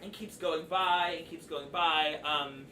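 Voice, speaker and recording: A man's voice: a little high, steady tone, unhurried, bright, forceful tone. A man narrating a tabletop game as dungeon master, loose and chatty with lots of fillers. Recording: echoey room, far from the mic, faint noise.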